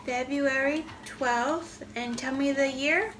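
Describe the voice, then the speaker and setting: High-voiced gentle mother teaching at home. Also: slow. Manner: gentle, encouraging, praising. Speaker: homeschooling mother teaching her children. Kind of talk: casual home vlog, teaching and talking to camera. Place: family home. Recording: home recording with steady background noise.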